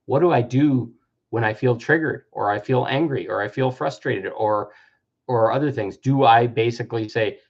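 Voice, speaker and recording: A man's voice: medium pitch, moderate pace, darkish tone. A man in his fifties giving an earnest self-help talk, sometimes acting out the voices of people he quotes. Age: 50s. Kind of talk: reflective personal-growth talk. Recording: dull lo-fi recording.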